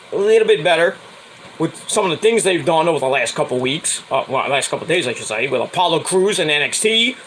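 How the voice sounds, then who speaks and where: A man's voice: fairly bright tone, a little hiss or hum, poor audio. A man hosting a podcast, ranting bluntly and profanely about sports fans. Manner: profane, blunt, mocks with high whiny voices. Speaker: podcast host. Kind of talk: casual sports rant.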